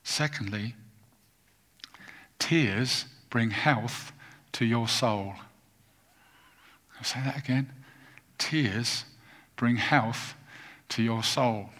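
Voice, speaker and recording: Male pastor, mid-pitched voice, earnest and deliberate sermon delivery, long hall reverb. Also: a bit bright. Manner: earnest, deliberate, with emphatic repetition.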